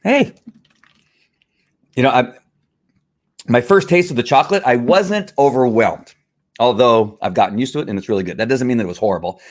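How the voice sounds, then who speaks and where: A man's voice: medium pitch, brisk. A man chatting casually on a live stream, rambling through a product review with restarts and chuckles.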